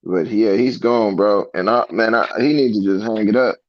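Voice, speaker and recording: A man's voice: on the low side, normal speed, lo-fi sound, a little hiss or hum. A man talking casual sports as a co-host, laid-back and full of slang. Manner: laid-back slang, says bro a lot.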